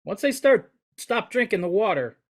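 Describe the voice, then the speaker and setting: A man's voice: sits high, very animated, normal speed. A man co-hosting a podcast who rambles and jokes in casual banter with his partner. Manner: joking, rambling. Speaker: podcast co-host, flooring contractor.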